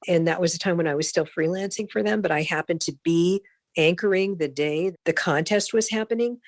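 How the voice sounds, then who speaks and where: A middle-aged woman, a broadcast consultant, telling animated career anecdotes as a podcast guest and acting out the voices of people she quotes. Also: fairly low pitch, a little fast, dry recording. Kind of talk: storytelling in a podcast interview.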